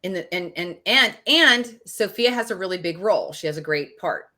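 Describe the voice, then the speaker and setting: A woman in her forties co-hosting a podcast, telling a story in a casual, animated way, full of fillers and restarts. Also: fairly low pitch, normal speed. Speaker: podcast co-host. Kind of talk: casual chat.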